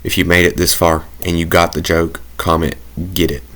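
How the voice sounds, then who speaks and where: A man with a very low, deep voice talks through a football video game as he plays. He rambles, thinks aloud and jokes at his own expense in a loose, casual way. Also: flat delivery, moderate pace, fairly bright tone. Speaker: gaming commentator. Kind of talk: casual gameplay commentary.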